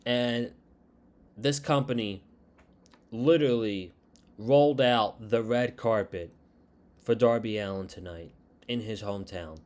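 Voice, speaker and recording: A man casually recapping a wrestling show, retelling scenes and quoting lines in a slow, unhurried way. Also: on the low side, darkish tone.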